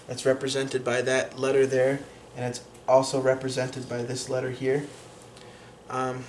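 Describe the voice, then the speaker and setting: A man teaching a lesson on pronunciation, explaining patiently with frequent pauses and fillers. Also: medium pitch, a little hiss or hum. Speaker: language teacher.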